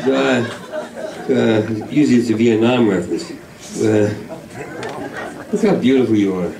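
A man with a New York accent doing a stand-up routine in a comedy club, manic and rambling, swinging from yells to mutters. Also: mid-range voice, a little slow, vocal fry, long pauses, a crowd in the background. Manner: manic, rambling, swings between yelling and mumbling. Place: comedy club main room. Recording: roomy club sound from a far mic, audience laughter.

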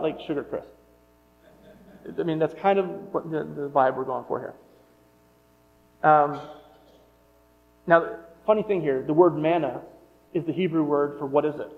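A man's voice: on the high side, vocal fry. A man giving a sermon, reading scripture aloud and then commenting on it in a casual, joking aside tone. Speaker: pastor. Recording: muffled sound with long hall reverb and mains hum.

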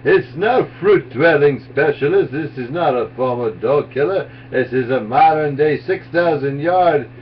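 A man doing a comedic impression of a brash male sportscaster calling a football play. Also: fairly high pitch. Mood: announcing. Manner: rapid-fire excited play-by-play, piling up verbs. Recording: distant, dull lo-fi with faint hiss.

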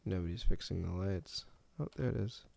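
A man's voice: deep voice, normal speed, vocal fry, dark tone, slight background noise. A man streaming a party game, talking casually with other players about who to trust. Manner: hums a theme tune while playing. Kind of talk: casual gameplay chat.

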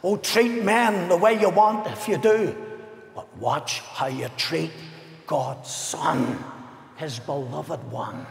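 A man preaching a fervent evangelistic sermon as pastor, swinging between ringing declamation and hushed, solemn passages in a large arena. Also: fairly high pitch, takes it slowly, vocal fry, a little hiss or hum. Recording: echoey arena with long reverb.

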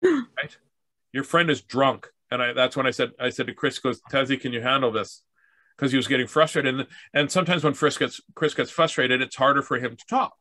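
Bright, dry-sounding Canadian man. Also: medium pitch, expressive, brisk, no room sound. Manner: rambling, with restarts and acted-out dialogue. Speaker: speaker telling stories about accessibility. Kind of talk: casual storytelling talk.

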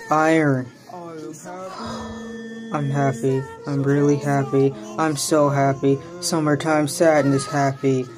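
A woman vlogger reading a food label aloud in a deadpan way, saying every comma and period. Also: deep voice. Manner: deadpan, reads punctuation aloud. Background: music.

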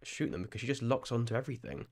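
A man's voice: mid-range voice, rapid-fire, a little mellow. A young English man chatting casually while streaming a game live, rambling, restarting his phrases and laughing often. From England.

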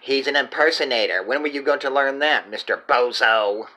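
A man voicing an excitable stuffed-animal puppet co-host who mocks and gets confused. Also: medium pitch, moderate pace, lightly acted. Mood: mocking. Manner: bouncy, mocking, confused. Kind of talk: puppet comedy sketch.

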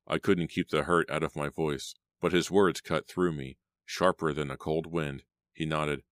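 A man narrating an audiobook in a steady, measured reading style. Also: a bass voice, no echo, studio quality. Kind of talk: scripted storybook narration.

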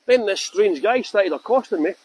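This middle-aged tour guide, strongly Scottish-accented, walks viewers through town at night on a live stream, addressing them by name and laughing often. His high voice has lively intonation and a breathy edge, at a moderate pace.

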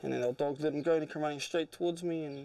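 Low-key gravelly hunter. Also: male voice, fairly even intonation, racing, warm tone, no room sound, distant mic. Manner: plain, understated. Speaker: pig hunter.

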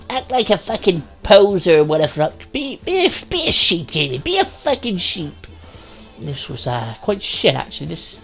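Rowdy, sweary woman gaming. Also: fairly low pitch. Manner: sweary, rowdy, laughs at the game. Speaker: gaming let's-player. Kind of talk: casual gameplay commentary.

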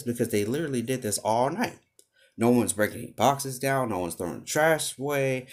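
Exasperated young man ranting, lively pitch. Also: moderate pace. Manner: exasperated, rambling, heavy use of filler words. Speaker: vlogger. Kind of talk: casual storytime rant.

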